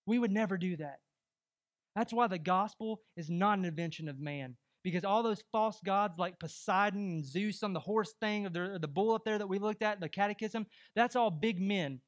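A young adult man preaching a sermon as pastor, emphatic and rising to loud exhortation. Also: high-pitched.

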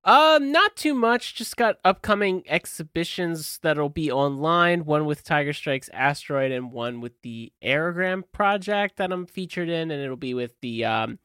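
A male podcast co-host with a smooth, bright voice, talking casually and agreeably. He sounds dry and close to the mic. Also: on the high side, normal speed, few pauses, dry recording. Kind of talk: casual chat.

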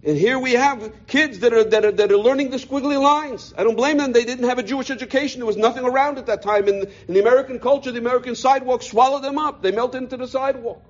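A middle-aged man with a very high voice rushes through his life story for a gathering, barely pausing. Though heartfelt, he keeps restarting and repeating words while searching for them, and the lo-fi recording is dull.

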